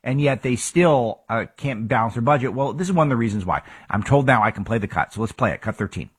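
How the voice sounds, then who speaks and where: A man's voice: medium pitch, lively intonation, fast talker, husky. A man hosting a political talk show, giving emphatic commentary full of rhetorical questions.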